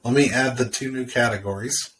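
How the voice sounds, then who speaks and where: A man's voice: medium pitch, brisk, a bit bright, slight background noise. A young man co-hosting a casual movie review podcast, joking and teasing his co-host. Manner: teasing, jokey.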